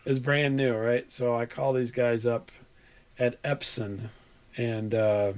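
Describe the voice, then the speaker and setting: A man with a cold-roughened, hoarse voice chatting casually as a podcast host. He rambles through a long story at a mid pitch and often breaks into laughter. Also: little pitch movement, takes it slowly. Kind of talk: casual chat.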